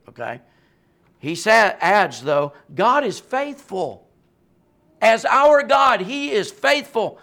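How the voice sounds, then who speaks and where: Passionate preaching man, high and gravelly. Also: sharp tone. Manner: passionate, emphatic preaching with frequent rhetorical "right?"; laughs often between lines. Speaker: pastor. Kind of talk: sermon.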